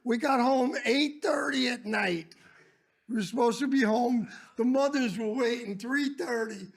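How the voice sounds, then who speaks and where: An older former teacher, telling stories in casual talk, loud and animated, bursting into shouts. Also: male voice, very high voice, unhurried.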